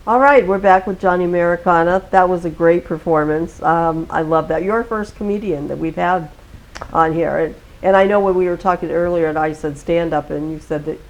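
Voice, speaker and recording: A woman hosting a podcast, chatting casually with a guest and pausing on fillers. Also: lowish voice, poor audio. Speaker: podcast host. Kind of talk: casual interview chat.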